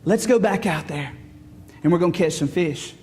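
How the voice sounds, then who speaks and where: Guy putting on a deep calm gentle teacher voice, kinda hushed, long echo in the room. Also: moderate pace, a little hiss or hum, close to an everyday voice. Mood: coaxing. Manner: coaxing, gentle and insistent. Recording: long reverb of a church hall.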